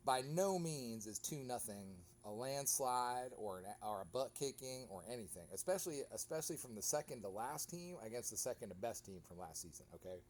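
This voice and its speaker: A man's voice: medium pitch, fairly quick, hardly any pauses, a little hiss or hum. A man, a goalkeeper animatedly recapping his own soccer match in casual commentary. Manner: animated storytelling, acts out other players.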